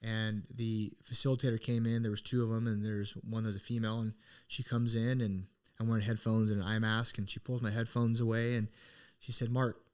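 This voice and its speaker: A man's voice: on the low side, little pitch movement, fairly quick, hardly any pauses, darkish tone, clear, resonant tone. A middle-aged man co-hosting a podcast, earnestly telling a personal story in a casual, reflective way, with many restarts. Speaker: podcast co-host.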